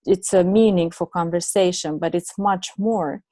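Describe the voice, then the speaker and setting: A middle-aged woman whose first language is not English speaks as a guest coach. Her voice sits low and warm, and she reflects slowly with fillers and restarts. The recording is dry and close. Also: no echo. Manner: reflective, many fillers and restarts, laughs often. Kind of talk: conversational storytelling.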